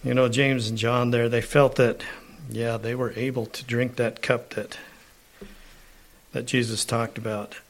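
A man preaching a sermon. He clears his throat often and reads scripture aloud with rising emphasis. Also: medium pitch, little pitch movement. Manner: slow, unhurried preaching with frequent throat clearing.

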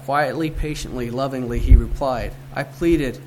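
An earnest man reads scripture and a devotional poem in a measured way, his voice sitting in a middle pitch. A steady hiss and occasional clicks run under the recording. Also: low-quality recording. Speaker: devotional reader.

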